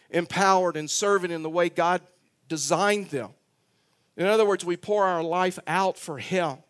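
An older man preaching a sermon as pastor, emphatic and repetitive, telling a family story in church. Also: sits high. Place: church sanctuary.

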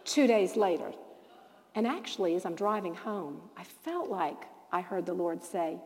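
A woman teaching a Bible lesson to a live audience in a lively preaching style, telling stories and acting out the dialogue. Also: on the low side, normal speed, big-room sound. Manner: animated storyteller who acts out quoted dialogue.

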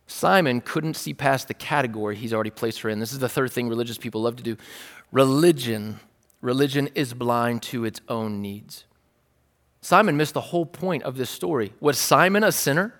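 A man's voice: mid-range voice, normal speed, a bit bright. Playful preacher man in a reverberant hall. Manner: conversational, playful, dramatizing. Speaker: pastor. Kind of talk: sermon. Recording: long reverb of a large hall.

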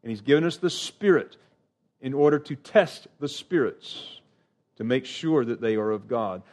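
A middle-aged man preaching a sermon, earnest and emphatic, with sudden rises in pitch and lines that trail off quietly. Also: animated, normal speed.

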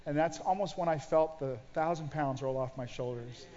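A man's voice: sits high, steady tone, a little fast, hardly any pauses, a little mellow. A middle-aged male pastor preaching a sermon, telling his own story and acting out his past prayers. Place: church auditorium. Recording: dull sound in a large reverberant church hall.

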